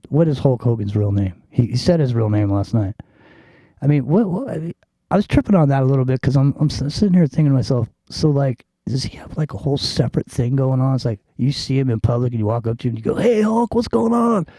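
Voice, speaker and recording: A man's voice: mid-range voice, fast, dark tone, dry recording. A man hosting a talk radio show, chatting in a laid-back, drawling way. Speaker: radio host. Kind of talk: casual talk radio chat.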